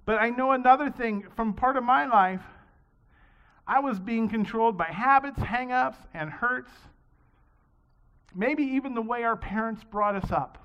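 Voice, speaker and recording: A man's voice: extremely high pitch, measured pace, clean tone. A man preaching a sermon in a conversational, storytelling way, in a dull lo-fi recording. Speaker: pastor. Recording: dull lo-fi sound.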